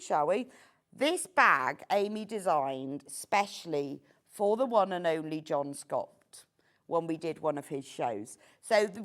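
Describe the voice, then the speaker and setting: A middle-aged woman presenting a live home-shopping show, chatty and gushing with enthusiasm. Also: mid-range voice.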